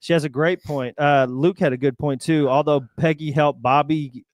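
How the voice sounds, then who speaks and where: A man's voice: a little high, steady tone, no echo. A man co-hosting a casual chat, commenting on an episode. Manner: quick, chatty commentary with restarts. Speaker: podcast co-host.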